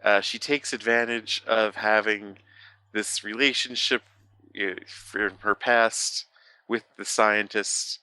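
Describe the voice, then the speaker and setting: Bright, crisp-voiced man rambling casually. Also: lowish voice, little pitch movement, no room sound. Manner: rambling, profane, halting with many fillers. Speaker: podcast co-host. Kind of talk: casual podcast chat.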